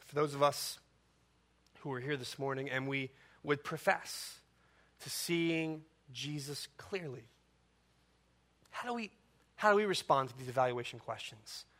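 A man preaching a sermon as pastor, impassioned and full of rhetorical questions and dramatic pauses. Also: medium pitch, fairly bright tone.

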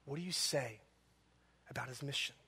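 A man preaching a sermon as pastor, impassioned and full of rhetorical questions and dramatic pauses. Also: medium pitch, pushed and bright, breathy edge.

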